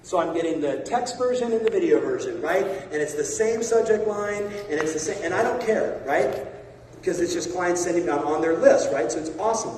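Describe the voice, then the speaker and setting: A man coaching a room of salespeople, talking energetically and quickly and prodding the crowd to answer. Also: sits high, a little hiss or hum. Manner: energetic, rapid, coaxing the audience. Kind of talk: motivational seminar talk. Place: large conference hall. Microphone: far from a phone camera in the audience. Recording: echoey hall recorded from far off.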